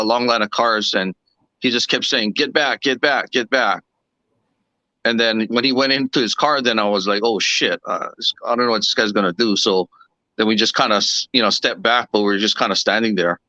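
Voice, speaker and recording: Bright-toned man recalling a night, dry sound. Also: mid-range voice, no room sound, rough recording. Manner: relaxed, hesitant with fillers. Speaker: guest. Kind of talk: casual recollection.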